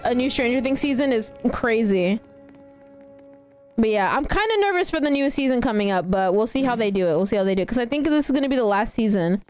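A young woman in her late teens with a girlish, childlike voice, chatting excitedly and giggling as she streams a game and thanks donors. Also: on the high side. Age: young adult. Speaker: live streamer. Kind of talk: casual livestream gaming chatter.

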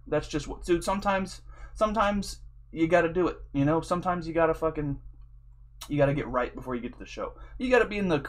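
Rambling, profane young man telling stories. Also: fairly high pitch. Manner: rambling, profane and jokey, with frequent "dude" and "you know". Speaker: video game commentator. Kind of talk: casual storytelling over gameplay.

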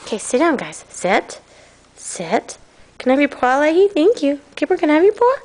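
Woman dog owner at home, high sing-song coaxing voice. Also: very animated, moderate pace, a little mellow. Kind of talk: casual home video, talking to her pets.

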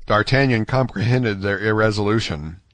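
A man reading an audiobook aloud in a steady, measured way. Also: lowish voice, no echo. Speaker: audiobook narrator. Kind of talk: scripted narration.

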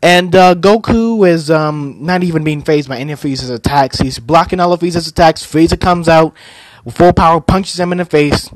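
A young man casually recapping an anime plot as a reviewer, halting often with fillers and restarts. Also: a little high, no echo. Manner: hesitant, many fillers and restarts.

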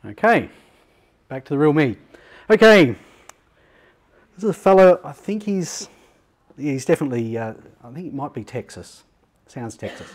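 A man giving a live software demo talk at a teachers' conference, talking conversationally with frequent ums and frank asides. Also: on the high side, lively intonation, moderate pace, pauses often. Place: conference session room.

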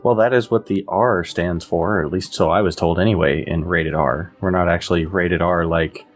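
A man's voice: low voice, fairly even intonation, normal speed, soft background music. A man from the United States co-hosting a podcast, talking in a laid-back, rambling way with many fillers. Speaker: podcast co-host. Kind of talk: casual podcast chat.

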